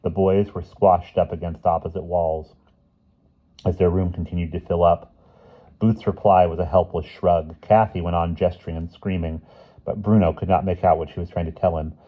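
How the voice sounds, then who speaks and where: A man reading a children's storybook aloud in a lively, expressive way. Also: deep voice, normal speed, phone-quality sound. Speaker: audiobook reader. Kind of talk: storybook narration.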